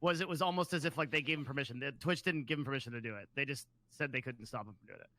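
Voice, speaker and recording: A man's voice: mid-range voice, very fast, pushed and bright. A man co-hosting a casual podcast, earnest, with many fillers.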